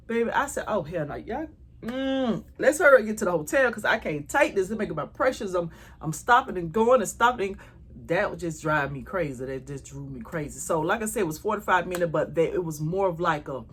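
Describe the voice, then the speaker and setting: Woman, husky lower voice, lively storytime vlog, talks straight to viewers. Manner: animated, swears freely, talks straight to viewers. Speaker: vlogger telling a travel story. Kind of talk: casual storytime chat.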